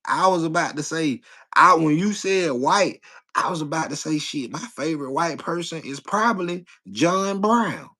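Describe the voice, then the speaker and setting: A man's voice: fairly high pitch, fairly bright tone. A man hosting a casual live stream, chatting loosely with viewers in slang and repeating his phrases over and over. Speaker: livestream host.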